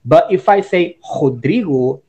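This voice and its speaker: A woman's voice: rumbling low, very animated, unhurried, highs cut off. A Brazilian woman, a native Portuguese speaker, practicing English in a casual video call with a Brazilian accent, searching for words and laughing easily. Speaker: English student.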